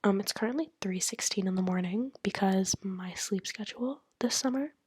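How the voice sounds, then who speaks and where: A nineteen-year-old woman rambling candidly into her laptop at home late at night, mostly in a hushed whisper, joking at her own expense. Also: medium pitch, normal speed, slightly rough, dry recording. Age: 19, turning 20. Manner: rambling, candid, self-mocking. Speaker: college student podcaster. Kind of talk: casual late-night monologue. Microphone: laptop mic.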